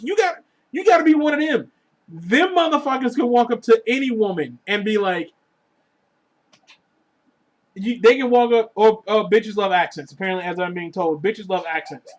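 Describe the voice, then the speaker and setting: A man ranting casually to his viewers about dating, crude and profane, joking as he goes, swinging between loud lines and muttered asides. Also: very high voice. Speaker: vlogger. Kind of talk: casual rant to camera.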